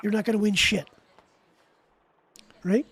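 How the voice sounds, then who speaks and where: A man's voice: high-pitched, fairly even intonation, measured pace, a bit bright, a little hiss or hum. A man streaming live, ranting in a heated, profane, rambling way to his chat. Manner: rambling with frequent restarts. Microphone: desk mic while gaming.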